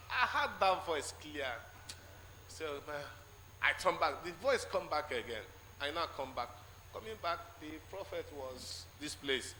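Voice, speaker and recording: In an echoey church hall with faint noise, a Nigerian-accented man shares his testimony, his bright, fairly high voice carried by long reverb and lively intonation. His storytelling is halting, broken by moments where he acts out the quoted exchanges.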